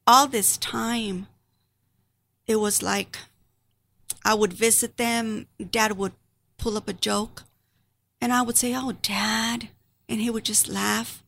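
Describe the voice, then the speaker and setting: A woman's voice: on the high side, fairly even intonation, takes it slowly, vocal fry, long pauses, fairly bright tone. A middle-aged woman giving an earnest, grieving personal testimony about her family.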